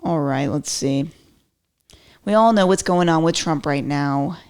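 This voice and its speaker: A woman hosts her own podcast in a loose, rambling commentary, full of "like"s and self-corrections. Her voice sits a little low for a woman. She jumps between playful asides and mock-indignant quotes. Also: measured pace, darkish tone, clean tone. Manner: chatty, rambling, self-interrupting with lots of "like". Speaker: podcast host. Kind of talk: casual solo commentary.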